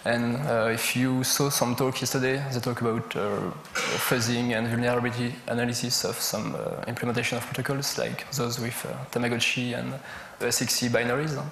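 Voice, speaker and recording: A man's voice: medium pitch, flat delivery, creaky, a bit bright. French-accented male presenter, mid-range voice, hesitant delivery, roomy conference-hall sound. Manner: halting, searching for words, listing examples. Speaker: conference speaker. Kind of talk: technical conference talk. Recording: echoey lecture hall with a faint hum.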